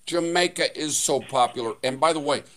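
A man's voice: fairly high pitch, fairly quick, fairly bright tone. A man hosting a radio show, talking enthusiastically in a chatty way with many fillers and restarts. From United States. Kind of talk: casual radio chat.

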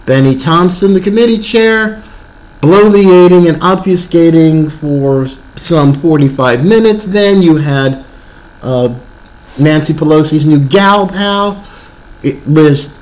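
A man's voice: fairly high pitch, animated, slow pace, a little mellow, rough recording. A man hosting a political commentary show, talking in an indignant, sarcastic monologue. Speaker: podcast host.

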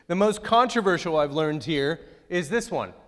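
A man's voice: on the high side, lively intonation, moderate pace, in a large hall. A pastor giving a conversational, joking sermon and asking his congregation questions. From outside Ohio, United States.

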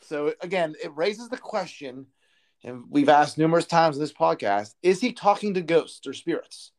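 Guy co-hosting a podcast, kinda high voice, bounces around a lot, stammers when he gets going. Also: normal speed. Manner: animated, stammering restarts when worked up. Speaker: podcast co-host. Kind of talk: casual political chat.

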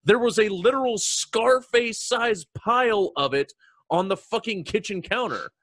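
Swearing man with animated anecdotes. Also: high-pitched, normal speed. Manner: animated, profane anecdote-teller. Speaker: podcast co-host. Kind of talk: casual podcast chat.

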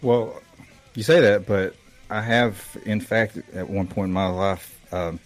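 A man's voice: lowish voice, fairly even intonation, a little slow, soft background music. A man from the Southeastern US co-hosting a podcast, joking sarcastically in casual chat. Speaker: podcast co-host.

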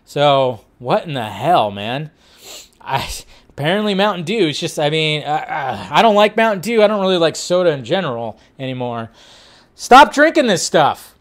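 Guy hosting a movie news chat, kinda high voice, rambly and jokey, laughs a bunch. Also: normal speed. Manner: animated, laughs often, rambling asides. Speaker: host.

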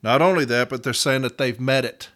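A man's voice: mid-range voice, fairly bright tone. A middle-aged man, a union advocate who tells fellow advocates how he argued a case and drags out key words for stress. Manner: emphatic, slows down to stress contract words. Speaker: union advocate teaching arbitration. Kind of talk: storytelling lesson to fellow advocates.

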